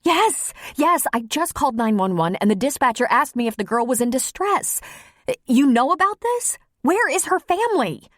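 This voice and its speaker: A woman's voice: high-pitched, sing-song, moderate pace, a bit bright, dry recording, clean studio sound, voice pushed up, exaggerated voice. A woman reading an audiobook, voicing a frightened young woman who runs a camp store, urgent and pleading.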